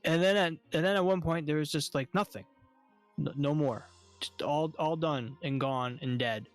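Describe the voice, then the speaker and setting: A man telling a story on a stream in casual chat, animated and swearing often. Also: on the high side, moderate pace, faint music behind.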